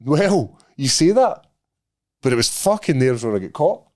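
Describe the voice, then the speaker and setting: A Scottish man co-hosting a podcast, telling stories in an animated, swearing way. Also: medium pitch, moderate pace. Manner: animated storyteller, swears freely. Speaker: podcast co-host. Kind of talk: casual chat.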